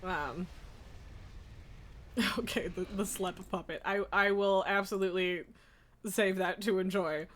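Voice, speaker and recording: A woman's voice: medium pitch, steady tone, a little slow, long pauses, a bit bright. A woman streaming a video game, chatting casually, laughing often and swearing freely while she plays. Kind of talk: casual live-stream chat.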